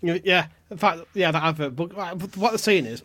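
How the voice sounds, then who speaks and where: A man's voice: fairly high pitch, fairly quick, few pauses, fairly bright tone. A man co-hosting a podcast, bantering crudely, swearing and laughing often.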